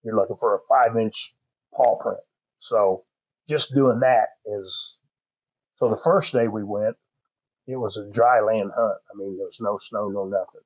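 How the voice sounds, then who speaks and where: A man's voice: lowish voice, fairly even intonation, measured pace, slightly rough, no echo, highs cut off. A middle-aged man telling a long hunting story on a podcast, rambling and folksy with plenty of fillers. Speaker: podcast guest. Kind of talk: casual storytelling.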